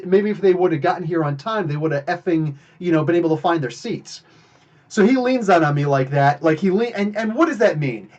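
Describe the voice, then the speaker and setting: A man's voice: high-pitched, lo-fi sound. A man from New Jersey hosting a live comics podcast, telling stories and greeting chat viewers between them. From New Jersey, USA. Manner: animated, talks to chat viewers between anecdotes. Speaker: podcast host. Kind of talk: live stream chat and storytelling. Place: home streaming setup, living in Canada.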